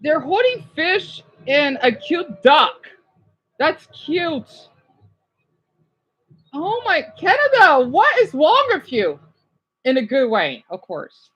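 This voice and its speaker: A high, very animated woman streamer who reacts on the fly, gushing and exclaiming over what she watches. She swears in passing, says sorry for it, and drifts off easily. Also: slow pace, poor audio. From United States. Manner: swears casually, then apologizes. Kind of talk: casual live-stream reaction.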